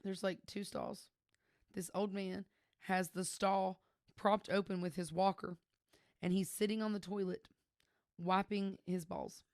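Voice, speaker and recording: A woman's voice: medium pitch, level tone, a little slow, no room sound, clean studio sound. A young woman co-hosting a podcast, telling a story in casual chat and laughing often. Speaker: podcast co-host.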